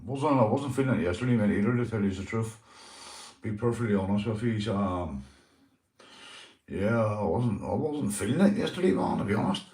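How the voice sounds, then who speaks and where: A man's voice: on the low side, animated, normal speed, mellow. Young northern irish guy on a livestream, sweary and matey, roomy echo on the mic. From Northern Ireland. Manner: swears freely, calls everyone mate and lad. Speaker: livestream host. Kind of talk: casual livestream chat, greeting viewers.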